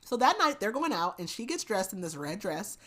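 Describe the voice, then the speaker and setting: A woman's voice: mid-range voice, sing-song, a little fast, a bit bright. Chatty woman recapping a book. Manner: chatty retelling, heavy use of "like" and "basically"; laughs and adds asides. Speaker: podcast host.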